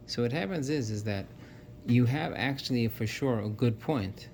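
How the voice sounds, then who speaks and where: A man's voice: lowish voice, moderate pace, a little mellow, slight background noise. A man giving an earnest, casual talk that lists points one by one, with frequent restarts. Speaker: self-help speaker. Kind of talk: casual explanatory monologue.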